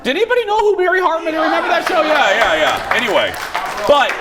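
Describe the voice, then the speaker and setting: Animated talk show host with audience. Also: male voice, quick pace, a loud crowd. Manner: animated, joking, swoops between high and low. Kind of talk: chatty studio talk-show banter. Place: TV studio with live audience. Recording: studio audience and room noise behind.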